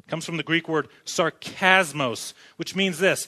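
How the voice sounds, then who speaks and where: A man's voice: a little high, measured pace, hardly any pauses, sharp tone. A man preaching a sermon in a church who keeps asking the congregation questions and joking as he goes. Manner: asks the congregation questions, jokes as he talks. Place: church sanctuary.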